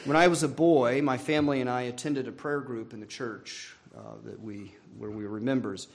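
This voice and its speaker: A man preaching a sermon from the pulpit. He speaks earnestly and at a measured pace, lifting his voice to stress a point and letting phrases fall away softly at the end. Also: mid-range voice, steady tone. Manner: earnest, measured preaching with rising emphasis and soft trailing ends. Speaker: pastor.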